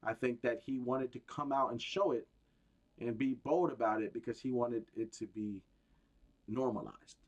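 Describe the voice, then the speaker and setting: A man's voice: medium pitch, fairly even intonation, moderate pace, dull audio. A man on a gaming stream ranting about politics, heated, profane and rambling.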